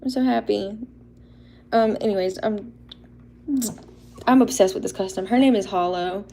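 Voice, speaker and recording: A woman's voice: medium pitch, moderate pace, warm tone. A young woman, chatting casually and a little shyly on a livestream, laughing often as she shows handmade toy figures. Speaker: livestream host showing custom toy figures.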